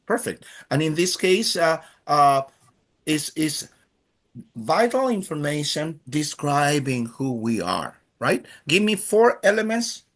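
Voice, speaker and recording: A man teaching a beginner Spanish class, explaining patiently and slowly with frequent hesitations. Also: fairly high pitch. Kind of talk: classroom language lesson.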